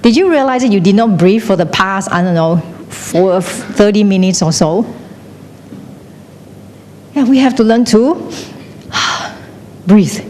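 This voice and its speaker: A woman's voice: medium pitch, animated, takes it slowly, long pauses, darkish tone. A middle-aged woman gives a classroom lecture. She keeps asking the class questions and switches between English and Chinese. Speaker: teacher. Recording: long hall reverb, faint noise.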